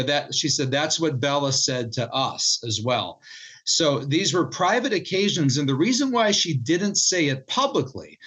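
A man, a co-author on the show as a guest, talks through his sources in an earnest way. His voice sits at an ordinary middle pitch, and he often restarts and repeats words as he goes. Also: a bit bright, low-quality recording. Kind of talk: interview storytelling.

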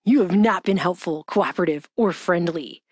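A woman's voice: on the low side, normal speed, darkish tone, no echo, studio quality, natural voice. A woman reading out a stubborn, self-righteous chatbot that is insistent, repetitive and falsely polite.

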